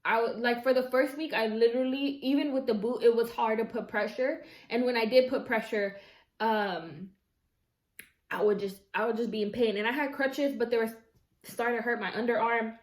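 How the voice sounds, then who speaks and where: A woman telling a story casually while eating on camera at home, chatty and expressive, with slangy asides to her viewers. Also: on the high side, normal speed. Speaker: mukbang vlogger. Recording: echoey room.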